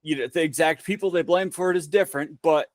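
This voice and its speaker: A man's voice: a little high, fast, dry recording. Guy ranting on a politics podcast, blunt, swears a lot, sarcastic, dry close mic. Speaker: podcast co-host. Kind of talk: casual political chat.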